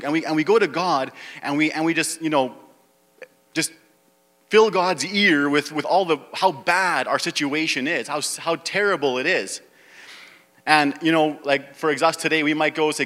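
A man's voice: fairly high pitch, fairly quick, pushed and bright. A male pastor preaching a sermon, reading scripture aloud and then pressing his point with rising emphasis. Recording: long hall reverb.

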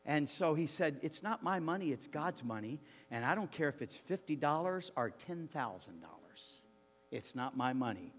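A male preacher telling a story in his sermon, very animated, swinging from hushed tones to shouting and stammering for comic effect. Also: on the high side, normal speed, long reverb tail.

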